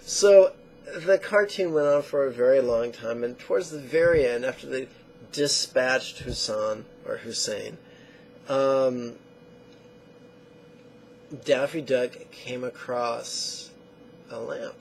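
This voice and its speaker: A man teaching meditation, who tells lively stories and acts out the quotes. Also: mid-range voice, slow, creaky, long pauses, a little hiss or hum. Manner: animated storyteller acting out quotes. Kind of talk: spoken meditation lesson.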